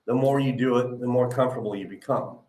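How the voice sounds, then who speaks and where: A man's voice: mid-range voice, quick pace, darkish tone. A male show host with a slight lisp, giving encouraging advice in a live interview and often adding "you know" and "right?". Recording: echoey room.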